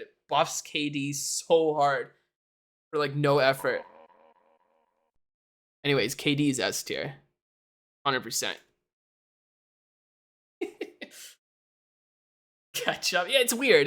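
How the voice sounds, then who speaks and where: Casually chatting on a live stream, a young adult Canadian streamer laughs often and swears through rambling asides. Heard through a desk mic, the voice is mid-range and slightly bright.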